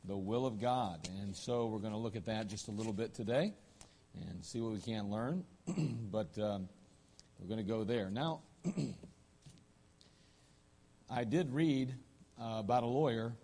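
A man preaching a sermon as pastor, folksy, with joking asides and frequent throat clearing. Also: on the low side, measured pace, pauses often, mellow.

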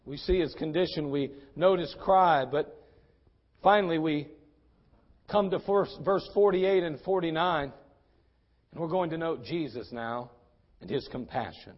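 A male pastor preaching an impassioned sermon in a church, swinging between loud and soft. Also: fairly high pitch, a little slow, long pauses, lo-fi sound.

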